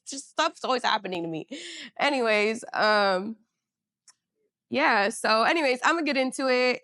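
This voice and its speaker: Woman, young adult, from Northern California, podcast host, casual slangy storytime, crisp forceful tone. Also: on the high side, dry recording, studio quality. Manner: chatty and animated, slangy, peppered with "you know" and "you feel me".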